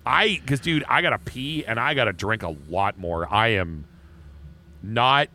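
Rambling podcast man with bright lively voice. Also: mid-range voice, measured pace, a little hiss or hum. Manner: rambling, crude joking, frequent restarts. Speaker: podcast co-host. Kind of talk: casual chat.

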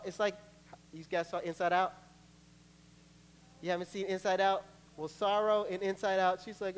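A man preaching as a pastor in a church, his voice sitting a little high for a man. He talks in a lively, playful way, acting out bits of dialogue, with a faint hum underneath the recording. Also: normal speed, pauses often. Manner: lively, playful preaching with laughs and acted-out quotes. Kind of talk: sermon. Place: church sanctuary.

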